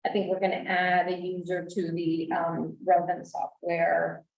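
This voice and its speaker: A woman explaining grant details at a public board meeting, halting and repeating words as she goes. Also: fairly low pitch, monotone, creaky, lo-fi sound. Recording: roomy echo, distant mic.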